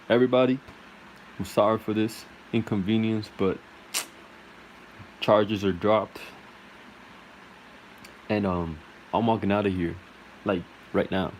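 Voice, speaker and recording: A man's voice: fairly low pitch, a little hiss or hum, rough recording. A man telling a crude comic story in a rambling way, full of fillers and laughter.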